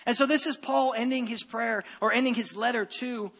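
A man preaching a sermon as pastor, animated and given to repeating his phrases and restarting sentences. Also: extremely high pitch, brisk, breathy edge, long reverb tail.

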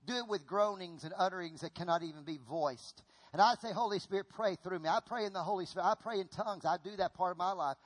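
A middle-aged man preaching a sermon in an animated, folksy way, often repeating himself as he acts out an example on stage. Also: high voice, fast talker.

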